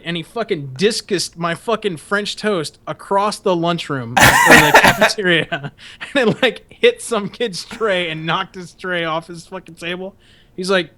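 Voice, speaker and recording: Young male podcast host, slightly high voice, profane storyteller who laughs through his anecdotes. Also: expressive, moderate pace. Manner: profane, laughing, acts out shouted quotes. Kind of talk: casual storytelling.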